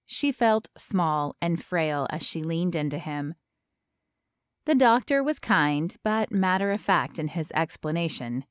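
A woman narrating an audiobook in an even, measured storytelling voice. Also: fairly low pitch, clear, resonant tone, dry recording, studio quality.

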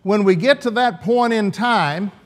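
A man's voice: high voice, a little slow. A man preaching an earnest, emphatic sermon in church, often restarting his phrases.

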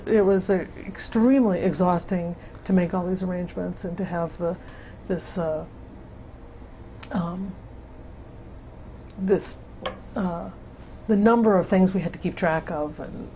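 A woman's voice: fairly low pitch, a little mellow, slight background noise. An older woman recounting memories in an oral history interview, telling her story with many restarts and fillers. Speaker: interviewee, sister-city project founder.

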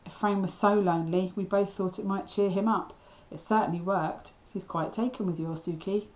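A brisk grown woman who talks in a breezy, dismissive way, as a woman reading a storybook aloud puts her on. The delivery stays close to the reader's own voice, in a middle pitch. It is a storybook figure, read aloud. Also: steady tone, close to an everyday voice, low-quality recording. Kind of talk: reading a children's novel aloud.

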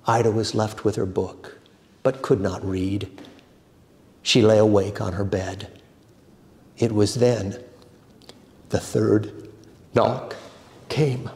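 A man teaching a church adult education class, reading a story with measured, dramatic pauses. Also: on the low side, fairly even intonation, darkish tone, in a large hall.

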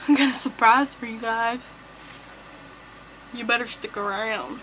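A woman's voice: on the high side, fairly even intonation, a little slow, poor audio. A young woman with a Tennessee accent, chatting casually to her vlog camera in a rambling way, breaking into laughs. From southern United States. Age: young adult. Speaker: vlogger.

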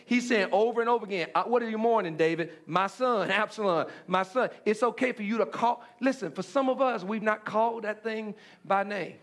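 A man with a very high-pitched voice preaches a sermon. He hammers key phrases over and over and restarts words as he drives ahead. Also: a little fast, few pauses, a bit bright. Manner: repetitive emphatic preaching with stammered restarts. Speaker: pastor.

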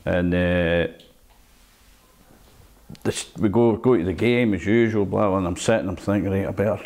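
An older Scottish former footballer telling stories from his career in a relaxed interview, acting out old exchanges and laughing at himself. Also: low-pitched, unhurried. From Scotland. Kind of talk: casual reminiscing interview.

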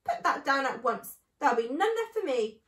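Brief: shrieking, rude male rat, put on by a woman reader; high, roomy sound. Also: expressive, normal speed.

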